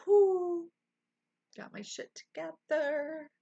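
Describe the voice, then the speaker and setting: A woman's voice: medium pitch, expressive, slow, bright, forceful tone, dull audio. A woman streamer chatting casually with her live chat, laughing often and full of exclamations, at a desk mic.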